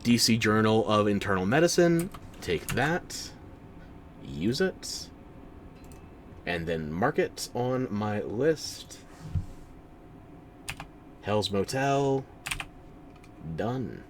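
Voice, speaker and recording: A man's voice: lowish voice, sing-song, extremely slow, long pauses, slight background noise. A man streaming a game, giving casual commentary in a wry, sarcastic way and bantering with chat.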